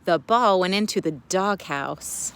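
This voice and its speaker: A woman teacher reading a picture book aloud to children in a playful, expressive way, then explaining a reading task. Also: on the low side, measured pace, clean tone.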